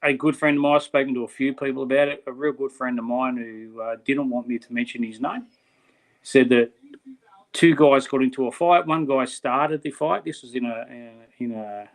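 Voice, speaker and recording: A man's voice: medium pitch, moderate pace, creaky. A middle-aged Australian man co-hosting a podcast, talking bluntly and with passion, often saying "mate". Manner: blunt, impassioned, many "mate"s. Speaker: podcast co-host. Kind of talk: casual podcast chat.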